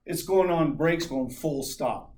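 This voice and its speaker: A man giving a humorous personal story as a club speaker, lively and chuckling, imitating sounds as he goes. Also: fairly high pitch.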